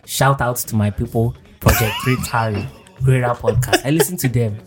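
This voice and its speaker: A man's voice: medium pitch, fairly even intonation, normal speed, loud music behind the voice. A man hosting a podcast, joking and laughing as he hypes up his guests. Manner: playful, laughing, hype-man introductions. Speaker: podcast host. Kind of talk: casual chat.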